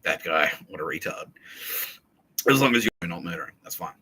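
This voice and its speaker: A man hosting a podcast in a rambling, profane comedic monologue, jumping between loud outbursts and low mutters. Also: lively intonation, moderate pace, husky, poor audio. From Australia. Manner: crude and profane, swings between loud bursts and mumbles. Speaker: podcast host.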